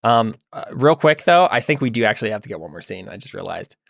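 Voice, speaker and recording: Halting male game master, dry sound. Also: fairly low pitch, creaky, no room sound. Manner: relaxed, halting with many fillers and restarts. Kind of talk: narrating a tabletop game.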